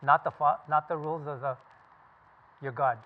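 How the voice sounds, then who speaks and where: Speaking at a moderate pace with fairly even intonation, this high-voiced man in his seventies from California shares his veteran's story with a group. His telling is casual, forceful and full of swearing, on thin, phone-like audio.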